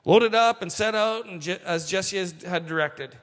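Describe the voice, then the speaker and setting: A man preaching a sermon, reading scripture and adding animated asides to the congregation. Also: sits high, in a large hall. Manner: animated, slows for quoted lines, asides to the congregation. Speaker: pastor.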